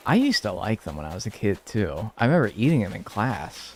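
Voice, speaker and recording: A man's voice: lowish voice, very animated, fairly quick, hardly any pauses, darkish tone, a little hiss or hum. A young man chatting casually on a live stream, joking and reacting to chat in a laid-back way.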